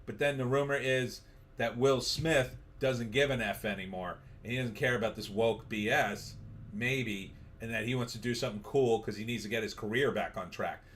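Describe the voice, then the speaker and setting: A man's voice: medium pitch, normal speed, fairly bright tone, a little hiss or hum. A middle-aged man hosting a casual live stream, reading viewer comments aloud and riffing on them in a wry, offhand way.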